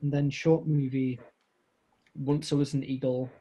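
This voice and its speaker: A man co-hosting a casual music podcast with a relaxed, easygoing manner. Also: medium pitch, measured pace, breathy edge. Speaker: podcast co-host.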